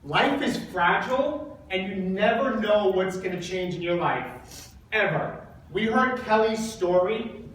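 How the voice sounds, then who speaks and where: A man speaking to an audience and telling an emotional personal story, halting and repeating words while holding back tears. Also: sits high, expressive, a bit bright. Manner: halting, repeats words, acts out quoted dialogue. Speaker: speaker at a coaching event. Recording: very echoey hall, mic far off.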